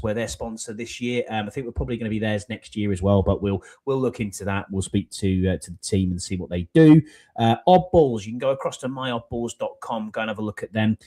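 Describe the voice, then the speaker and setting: A lower-pitched man hosts a sports podcast. He talks in a loose, chatty way and often fills pauses with "um" and "uh". His delivery rambles easily from point to point. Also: warm tone. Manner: rambling and chatty, many fillers. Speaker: podcast host. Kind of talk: casual podcast chat.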